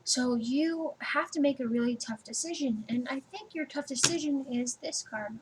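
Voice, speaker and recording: A woman's voice: a little high, normal speed, background noise. Chatty swearing woman reading tarot. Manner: chatty and laughing, swears freely, acts out little scenes in a raised voice. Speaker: tarot reader. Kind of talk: casual personal tarot reading.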